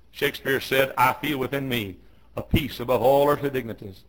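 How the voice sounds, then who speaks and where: A man in his fifties preaching a fiery sermon in a church, swinging from hushed low tones to shouted commands he hammers home again and again. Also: brisk, poor audio. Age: 50s. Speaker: pastor. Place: church auditorium.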